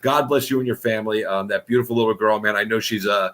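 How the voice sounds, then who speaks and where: A man's voice: on the low side, steady tone, fast, fairly bright tone. A man hosting a casual live-streamed fighter interview show, effusive and rambling, with casual swearing.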